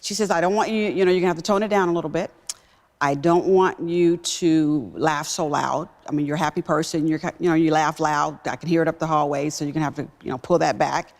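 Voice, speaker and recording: A woman executive telling a personal story in a talk-show interview, emphatic and animated. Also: deep voice, fast talker. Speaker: guest, business executive.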